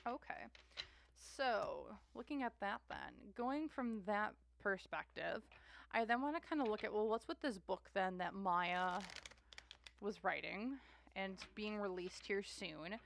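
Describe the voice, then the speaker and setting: A woman's voice: medium pitch, animated, takes it slowly, creaky, fairly bright tone, slight background noise. A woman giving a casual, rambling tarot reading monologue, repeating herself and trailing off into fillers. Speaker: tarot reader.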